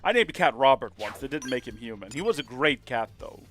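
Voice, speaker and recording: Lively, jokey game streamer man. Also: mid-range voice, fairly quick, faint music behind. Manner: rambling, jokey and self-mocking. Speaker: let's play streamer. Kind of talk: casual game commentary.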